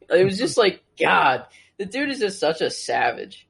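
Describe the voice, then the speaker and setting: A young man co-hosting a podcast, talking in an excited, rambling way with many fillers. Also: fairly high pitch, normal speed, vocal fry, slightly rough. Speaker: podcast co-host. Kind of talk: casual podcast chat.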